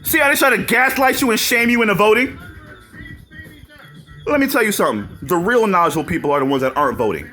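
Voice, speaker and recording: Over soft background music, a male vlogger talks fast in a high, expressive voice. His on-camera rant is combative and full of profanity, with rhetorical questions, jeering laughter, and loud outbursts.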